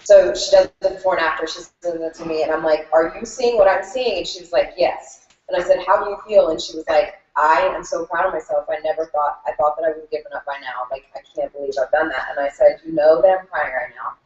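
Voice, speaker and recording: A woman's voice: deep voice, fairly even intonation, fast, few pauses, a little mellow. A woman coach sharing a client story in a group, emotional and chatty, saying "like" constantly. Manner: chatty, says "like" a lot. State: emotional, near tears. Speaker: fitness coach. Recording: distant mic in an echoey room, dull.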